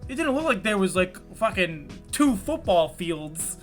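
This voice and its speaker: Over soft background music, a young man co-hosts a podcast on a remote call mic, chatting casually and animatedly. He rambles with lots of fillers and swears often, speaking unhurriedly in a high-pitched voice.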